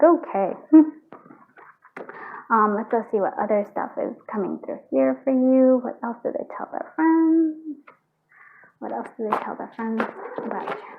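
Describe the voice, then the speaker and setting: A woman's voice: medium pitch, slight background noise. A woman giving a casual pick-a-card tarot reading from home, talking in a rambling, chatty way full of fillers. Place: at home with her cats. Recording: thin, phone-like sound.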